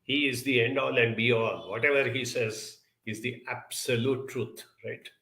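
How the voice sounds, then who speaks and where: A man's voice: mid-range voice, steady tone, normal speed, sharp tone. A man giving a reflective monologue, telling a childhood story and acting out the voices of the people in it. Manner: storytelling, acts out quoted voices. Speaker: speaker giving a talk.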